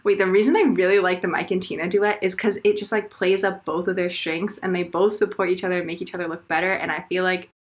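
A woman co-hosting a casual podcast chat, animated and quick to act out characters' lines. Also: on the low side. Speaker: podcast co-host.

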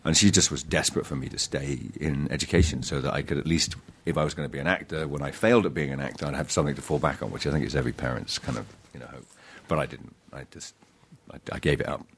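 A man, an actor guest, chatting in an interview with a halting, self-deprecating manner, full of restarts and laughs. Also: rumbling low, slight background noise. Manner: laughs between thoughts. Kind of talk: casual interview chat.

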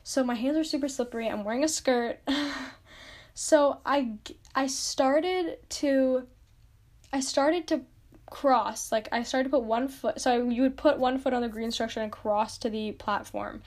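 A woman's voice: high voice, unhurried, darkish tone. A young woman hosting a podcast, telling a story in casual chat, self-mocking and full of "like". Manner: chatty, lots of "like", self-mocking. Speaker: podcast host.

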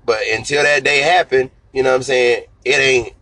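A man's voice: mid-range voice, moderate pace, dry recording, low-quality recording. Man in his thirties telling stories, dry sound. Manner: relaxed storytelling, slangy, repeats "you know what I'm saying". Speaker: singer and guest. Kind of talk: casual conversational interview.

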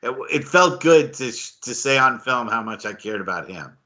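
A man's voice: medium pitch, lively intonation, moderate pace, pushed and bright. A man hosting a casual podcast interview, earnest and stammering with repeated words. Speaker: podcast host.

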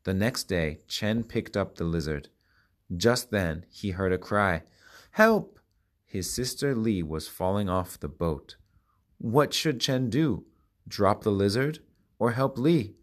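Man slowly reading kids' stories out loud, lowish voice, very dry close sound. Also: no room sound. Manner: slow, careful, even reading. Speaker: children's book reader. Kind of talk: storybook read-aloud.

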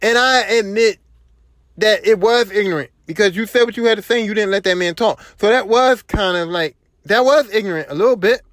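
A man's voice: high-pitched, a little fast, a bit bright, dry recording. A young man, retelling a story on his podcast and acting out what other people said. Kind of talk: casual storytelling monologue. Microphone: home podcast mic.

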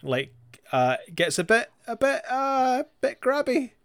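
A man's voice: extremely high pitch, sing-song, fairly bright tone, clean tone, no echo, clean studio sound. A man, co-hosting a podcast, chatting wryly about a show and swearing casually. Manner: chatty and wry, swears, quick agreeing asides. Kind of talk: casual chat recapping a show.

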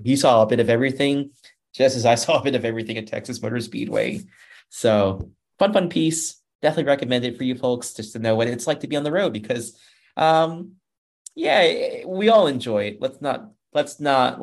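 A man in his thirties wraps up a racing talk show in a loose, upbeat way. He rambles and keeps turning to the listeners as "folks," with a voice of ordinary middle pitch. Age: 30s. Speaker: podcast host. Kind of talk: casual show wrap-up chat.

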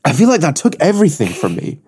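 Animated, rambling podcast man. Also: on the high side, fast, breathy edge. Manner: animated, rambling, swears freely. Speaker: podcast co-host. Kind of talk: casual podcast chat.

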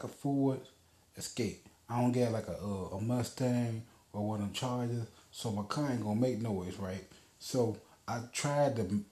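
A man's voice: medium pitch, mellow, echoey room. A man hosting a podcast, telling a casual story in a rambling, profane way with lots of fillers. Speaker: podcast host.

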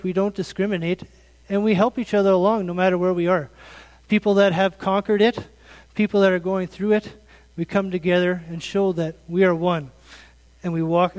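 A man's voice: high-pitched, big-room sound, rough recording. A man in his thirties preaching a conversational sermon, asking his congregation pointed, earnest questions. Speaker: pastor.

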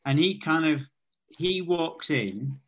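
A man's voice: on the high side, animated, takes it slowly, a bit bright, slight background noise. A man on a podcast, describing an imagined scene in vivid detail, full of "like" and "kind of.". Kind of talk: casual comedic chat.

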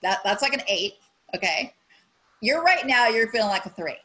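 A woman's voice: fairly high pitch, animated, moderate pace, sharp tone, rough recording. A woman on a podcast talking frankly and animatedly, swearing casually and acting out her own inner voice. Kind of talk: casual chat.

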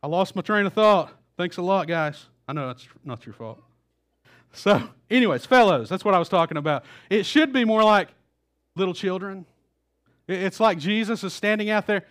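A man with a high voice preaches in a church, telling the story in a relaxed, conversational way. He repeats his words now and then and acts out the quoted lines as he goes. He speaks into a stage microphone. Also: moderate pace. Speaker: pastor. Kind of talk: sermon. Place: church auditorium.

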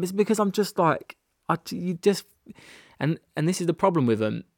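British male podcast host, young, gravelly tone, dry close sound, rambling and self-deprecating. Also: sits high, animated, moderate pace, darkish tone, no room sound. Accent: British English. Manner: rambling, frequent restarts and self-deprecating laughs. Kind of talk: candid solo podcast monologue. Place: rented holiday annex.

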